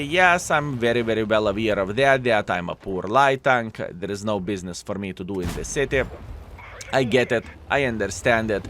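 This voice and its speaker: Guy talking over his tank game, jokey and chatty, middle pitch voice, faint game sounds behind. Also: fairly bright tone, a little hiss or hum. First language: Lithuanian. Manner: chatty, jokey, addresses viewers as fellas. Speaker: gameplay commentator. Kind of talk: game commentary.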